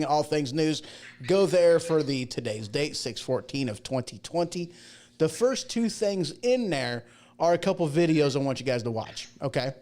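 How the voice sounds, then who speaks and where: A man's voice: fairly high pitch, darkish tone. A man hosting a casual livestream talk show, chatty and folksy, rambling through asides and jokes. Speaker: show host.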